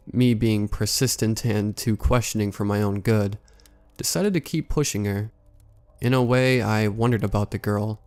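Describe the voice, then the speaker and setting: A man narrating a scary story in a calm, measured storytelling manner. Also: fairly low pitch, gravelly. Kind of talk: scripted horror story narration.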